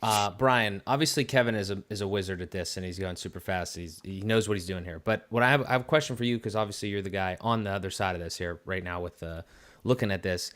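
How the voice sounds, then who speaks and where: Host, man, eager rambling questioner, lowish voice. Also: fast, a bit bright. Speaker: show host. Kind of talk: live stream chat.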